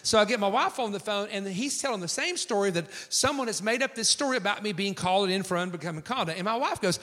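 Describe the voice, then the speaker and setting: A man's voice: high-pitched, fast talker, few pauses. A man preaching a sermon, telling stories with acted-out quotes. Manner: animated storytelling with acted quotes. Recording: long hall reverb.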